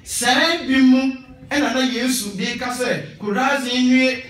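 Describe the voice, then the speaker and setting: A high-voiced Ghanaian man preaches with lively emphasis, his words ringing through a very echoey church hall. He sounds set back from the microphone, the reverb wrapping every phrase. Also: slow pace, far from the mic. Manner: switches between Twi and English, emphatic and animated. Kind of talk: sermon.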